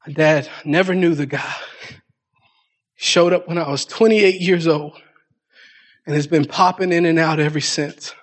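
High-voiced young preacher, swinging soft to loud. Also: male voice, fairly even intonation, moderate pace, pauses often. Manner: casual, repeats words when heated. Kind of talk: sermon. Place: church room with congregation.

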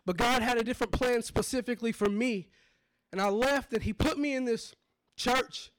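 A man preaching his testimony, telling it dramatically and swinging from hushed low moments to shouts. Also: moderate pace, a little hiss or hum. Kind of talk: testimony sermon.

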